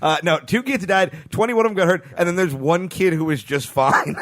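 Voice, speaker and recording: A man co-hosts a comedy podcast, setting up quiz stories and tossing off deadpan quips. His voice runs a little high and swings widely in pitch as he talks. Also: moderate pace.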